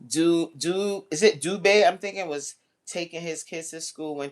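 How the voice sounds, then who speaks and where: A woman's voice: on the low side, moderate pace, few pauses. Playful woman teasing her live chat. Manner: playful, teasing banter with lively swings. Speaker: livestream host reading chat. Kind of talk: casual livestream chat.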